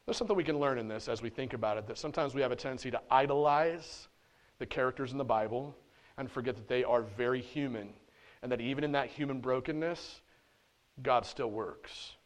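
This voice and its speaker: Animated, conversational male preacher. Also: mid-range voice, fairly quick. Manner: animated and conversational, with casual slang. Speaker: pastor. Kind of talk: sermon. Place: church.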